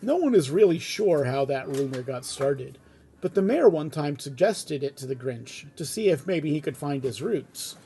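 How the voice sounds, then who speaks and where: Husky-voiced man reading a script aloud. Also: on the high side, normal speed. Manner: relaxed, chatty reading with asides. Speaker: reader of a fan script. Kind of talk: casual read-aloud narration. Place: home.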